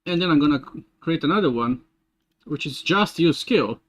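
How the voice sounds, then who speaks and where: A man streaming game development, thinking aloud in a casual, halting way as he works through code. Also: a little high, lively intonation. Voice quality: muttering to himself, halting restarts.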